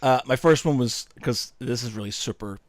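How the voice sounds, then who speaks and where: A man from England, chatting casually as a podcast co-host, laid-back and quick to laugh. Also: mid-range voice.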